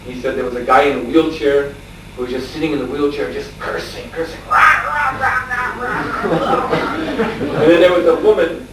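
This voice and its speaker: A man telling a story in a lecture, animated and laughing, acting out the shouts of the people in it. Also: a little high, fast talker. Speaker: spiritual teacher. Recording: echoey room from far off, faint background noise.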